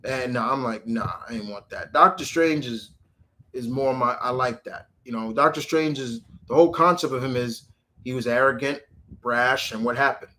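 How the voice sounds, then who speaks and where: A man's voice: medium pitch, normal speed, pushed and bright. A man hosting a live stream, ranting casually about comic heroes and answering viewer questions, restarting his sentences and swearing freely.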